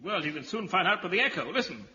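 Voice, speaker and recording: An excitable, naive young gentleman hero, shrill and eager. His voice is extremely high and swings wildly in pitch. It comes from a muffled 1950s radio broadcast with a hiss behind it. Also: quick pace. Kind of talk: 1950s radio comedy acting.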